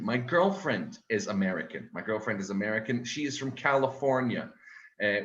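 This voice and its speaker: A Scottish man performing a stand-up comedy set, repeating his punchlines and jumping into high voices for the people he quotes. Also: a bit bright, reverberant, rough recording. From Scotland.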